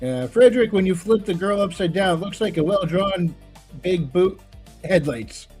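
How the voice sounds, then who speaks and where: A man hosts a casual online panel over a call, reading out viewer comments and laughing along with his guests. His voice sits a bit on the high side for a man, with faint music in the background. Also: normal speed. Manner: relaxed, laughs along, reads comments aloud. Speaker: host.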